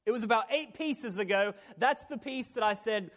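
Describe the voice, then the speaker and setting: A man preaching a sermon, swinging between hushed reflection and loud, joking asides. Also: sits high, fairly quick, hardly any pauses, in a large hall. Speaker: pastor.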